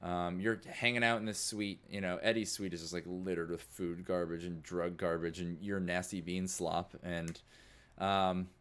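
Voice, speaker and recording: A man's voice: low-pitched, level tone, moderate pace, fairly bright tone, clean tone. A young man narrating as game master, rambling with lots of fillers. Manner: rambling, many fillers like "like" and "you know".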